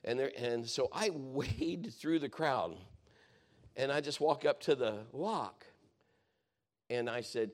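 A man's voice: medium pitch, slow pace, long pauses. Man preaching a rambling sermon story. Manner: rambling, self-correcting, conversational storytelling.

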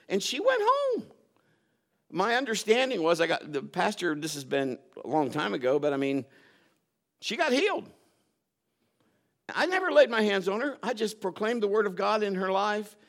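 A man preaching a sermon, telling stories and swinging between loud emphatic bursts and quiet low asides. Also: sing-song, normal speed.

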